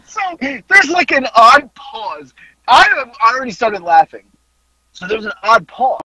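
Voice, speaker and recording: A man with a high, bright voice and a husky edge tells a story on a podcast. His pitch jumps around as he talks, and he swears and laughs his way through the tale. The sound is dry and close. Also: sing-song, measured pace, dry recording, poor audio. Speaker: podcast host. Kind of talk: casual storytelling chat.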